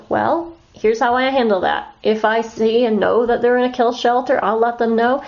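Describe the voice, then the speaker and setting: A woman's voice: a little high, fairly even intonation, moderate pace, few pauses, a little mellow, lo-fi sound. A woman teaching an online class on communicating with shelter animals, speaking earnestly and checking in with her students often.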